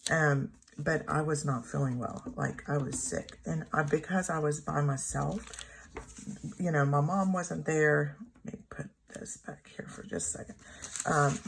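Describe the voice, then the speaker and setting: A woman's voice: low voice, gravelly, slight background noise. A middle-aged woman, rambling through a personal story and laughing often as she decorates her planner. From Texas. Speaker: planner vlogger.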